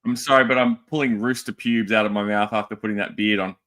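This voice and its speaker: Bright-voiced Australian man hosting a chat. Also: fairly low pitch, fast talker. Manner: lively, jokey, rattling off greetings. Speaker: co-host of toy livestream. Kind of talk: casual livestream chat.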